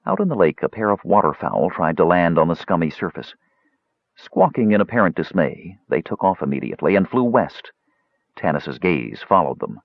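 A man narrates an audiobook in a measured storytelling manner. His low voice is gravelly and husky with wide pitch swings. The recording is dry, close and dull. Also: very animated, dry recording.

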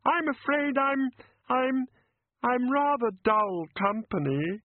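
A man's voice: sits high, very animated, measured pace, dry recording, voice pushed up, heavily acted. A man doing a weepy, stammering fairy woman. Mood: timid. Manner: hesitant, stammering. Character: weepy female fairy, timid and sniffling. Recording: narrow phone-like sound.

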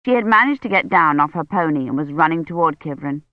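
A woman narrating an audiobook in a measured, even storytelling manner. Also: low voice, no room sound, highs cut off. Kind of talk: scripted narration.

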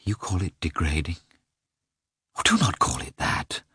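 A man's voice: deep voice, wildly swooping pitch, measured pace, sharp tone, breathy edge, no echo, studio quality, heavily acted. A man reading the part of an anguished young noblewoman who speaks in a trembling voice, in an audiobook.

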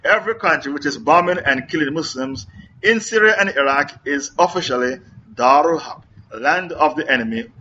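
Emphatic preacher man, bright tense voice. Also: fairly high pitch, lively intonation, moderate pace, dull audio, slight background noise. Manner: emphatic, repetitive, rhetorical questions. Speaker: preacher answering questions. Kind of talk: religious question-and-answer lecture.

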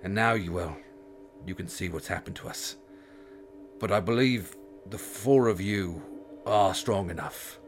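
A man voicing a weary, soft-spoken noble knight who speaks gently and sadly, with sighs. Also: low-pitched, measured pace, long pauses, soft background music. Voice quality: sighing, gentle and solemn.

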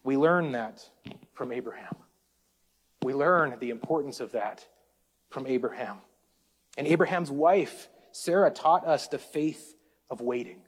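A man's voice: medium pitch, measured pace, long pauses, breathy edge. A man preaching a sermon, calling out to the congregation and building up and easing off his intensity. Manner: preaching with call-outs to the congregation, rising and falling intensity. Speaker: pastor.

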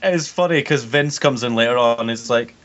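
A man co-hosting a podcast, relaxed and steering the casual chat. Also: medium pitch, brisk. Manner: relaxed, steers the talk, laughs easily. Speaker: podcast co-host. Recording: dull lo-fi audio.

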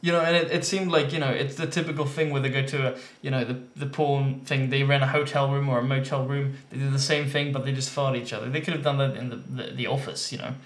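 A man in casual podcast chat, talkative and quick to laugh. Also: mid-range voice, fairly even intonation, reverberant. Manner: chatty, laughs often, hesitant restarts.

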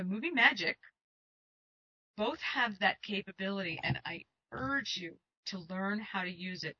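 A woman's voice: medium pitch, no room sound. A woman working as a literary agent, giving screenwriters casual, emphatic advice with lots of restarts. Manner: animated and emphatic, with frequent restarts. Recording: dull, dry, lo-fi recording.

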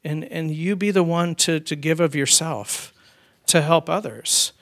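A man's voice: fairly high pitch, measured pace, a bit bright. A man preaching a conversational sermon as pastor, telling personal stories with frequent restarts. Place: church.

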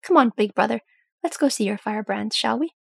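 A woman's voice: a little high, lively intonation, a little fast, gravelly, a little mellow, breathy edge, no echo, studio quality, heavily acted. A woman voicing an eager adolescent male dwarf who teases his older brother in a casual, chatty way. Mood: teasing.

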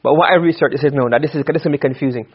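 Male grammar teacher, high husky voice, lo-fi room recording, lecturing and quizzing students. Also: racing. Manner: explains step by step, quizzes the class with questions. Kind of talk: classroom lecture.

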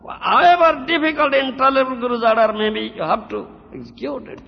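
A man lectures disciples in a high, gravelly voice that swoops up and down as he mocks their excuses. He keeps prodding them with "huh?" The old, muffled tape carries a long echo. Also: lively intonation, a little fast, hardly any pauses. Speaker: spiritual teacher. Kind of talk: devotional lecture. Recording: dull old tape in a reverberant hall.

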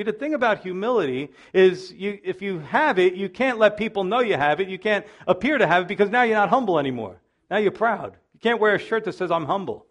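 A middle-aged man preaching a sermon as pastor, animated and acting out the voices of people he quotes, with self-deprecating humor. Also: high voice. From Italian-American background.

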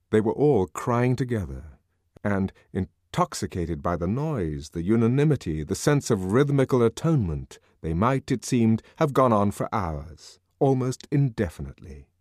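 Low-ish guy reading an audiobook, very animated, dry close sound. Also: normal speed, no echo. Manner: expressive, dramatic reading. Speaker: audiobook narrator. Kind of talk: scripted audiobook narration.

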